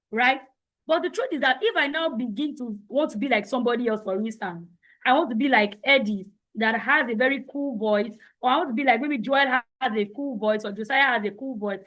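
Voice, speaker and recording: A woman coaching teens in an online session, speaking in a loud, bold and confident way. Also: a little high, low-quality recording. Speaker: teen identity coach. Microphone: online meeting.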